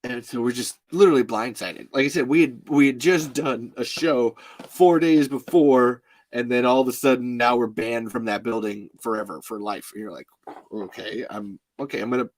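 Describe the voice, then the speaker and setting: A man in the middle of his usual pitch range tells a story in a rambling, halting way. He sighs often and keeps stopping to restart his sentences, like someone trying hard not to cry. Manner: halting, sighing, fighting back tears; many restarts and fillers, rambling. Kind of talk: casual storytelling.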